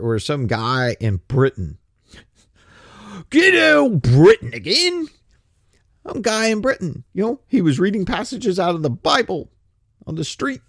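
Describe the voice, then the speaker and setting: Gravelly man in sarcastic commentary. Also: mid-range voice, no echo, clean studio sound. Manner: sarcastic, rhetorical questions, frequent restarts. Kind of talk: casual political commentary chat.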